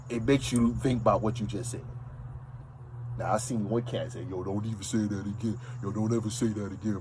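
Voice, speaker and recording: A man with a New York accent speaks in a loose, emphatic monologue, circling back over his own points. His pitch jumps around a lot as he talks. Faint street and vehicle noise sits behind him. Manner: animated, emphatic, repeats himself. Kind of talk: casual monologue.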